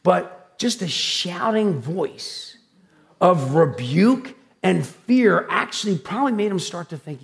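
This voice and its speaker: A male pastor with a high, gravelly voice delivers his sermon. He talks loudly and with animated drama, throwing himself into his stories. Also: slow pace. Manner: loud, animated, dramatic storytelling. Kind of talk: sermon with personal storytelling.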